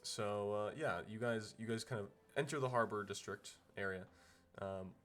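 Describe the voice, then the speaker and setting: A man's voice: lowish voice, moderate pace, a bit bright, soft background music. A man narrating as game master in a loose, rambling way with lots of fillers.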